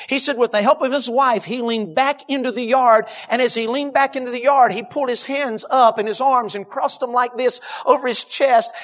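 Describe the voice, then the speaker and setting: A man preaching a sermon, telling a story dramatically and dropping to hushed tones, addressing the congregation directly. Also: very high voice.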